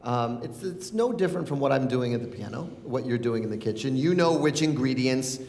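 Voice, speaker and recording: A man in his forties, a guest in a live onstage conversation, speaks in a quick, playful, reflective way. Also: medium pitch, expressive, a little mellow. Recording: echoey hall.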